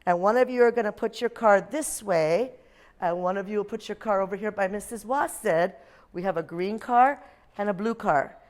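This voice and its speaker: Encouraging woman teaching young kids phonics. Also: mid-range voice. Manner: encouraging, sounding out letters, storytelling. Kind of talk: classroom phonics lesson for young children. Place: classroom.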